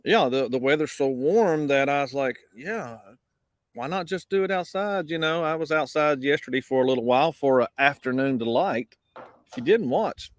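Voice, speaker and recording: A man's voice: medium pitch, normal speed, no room sound, clean studio sound. A man hosting a casual live morning show outdoors, easygoing and drawling his greetings to viewers. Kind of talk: casual live-stream chat. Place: outdoors on a windy day. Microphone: basic mic, no wind cancelling.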